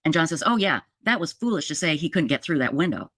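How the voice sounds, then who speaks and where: A woman's voice: low voice, quick pace, no room sound, clean studio sound. Clip of a middle-aged woman retelling a story. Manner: animated retelling with quoted dialogue. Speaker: true crime podcaster. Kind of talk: storytelling monologue.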